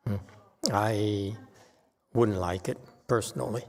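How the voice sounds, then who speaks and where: Slow-talking man lecturing in a hall. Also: on the low side, steady tone. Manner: halting, many fillers and restarts, blunt opinions. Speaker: Buddhist teacher giving a Dharma talk. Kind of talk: unscripted Dharma lecture. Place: temple hall. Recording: long hall reverb.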